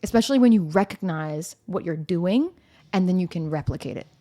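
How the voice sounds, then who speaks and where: A woman's voice: on the low side, lively intonation, a little fast, mellow. A woman co-hosting a podcast chats frankly and openly. She speaks in an earthy, unfiltered way, drops casual swear words and laughs easily as she talks. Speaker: podcast co-host. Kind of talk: candid conversational chat.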